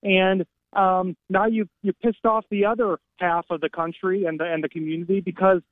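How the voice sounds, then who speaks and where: A man's voice: high-pitched, flat delivery, moderate pace, no echo. A man phoning in to a talk radio show as a political strategist, speaking confidently and combatively. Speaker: political strategist guest on a call. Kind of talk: phone-in talk radio interview. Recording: tinny phone line.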